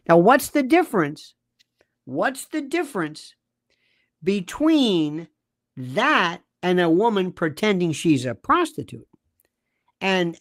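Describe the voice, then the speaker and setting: A man speaking as a guest commentator, arguing emphatically with rhetorical questions and acting out quoted voices. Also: high-pitched. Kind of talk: animated conversational argument.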